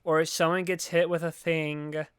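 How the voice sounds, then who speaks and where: Smooth-voiced sarcastic podcast guy. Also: fairly high pitch, flat delivery, measured pace, fairly bright tone, dry recording, clean studio sound. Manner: sarcastic, rambling, swears often. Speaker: podcast co-host. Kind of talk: casual movie review chat.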